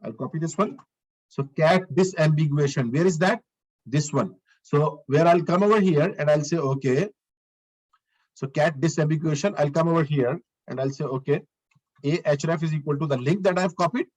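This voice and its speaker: A man's voice: a little high, normal speed, darkish tone, breathy edge, low-quality recording. A male lecturer giving a live online coding lesson. He talks through each step as he works, repeats his phrases and asks the class questions.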